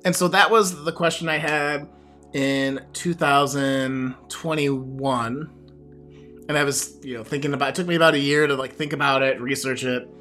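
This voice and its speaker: A man hosts his own podcast alone, talking straight to a camera. He is reflective and rambling, full of fillers and restarts, in an ordinary mid-pitched voice. Faint music plays softly behind him. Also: steady tone, normal speed. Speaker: podcast host and coach. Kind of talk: solo podcast monologue.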